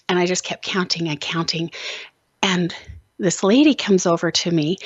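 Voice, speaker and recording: A woman hosting a radio talk show, telling a personal story in a lively, animated way. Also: on the low side, no room sound. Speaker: host. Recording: dull, lo-fi dry recording.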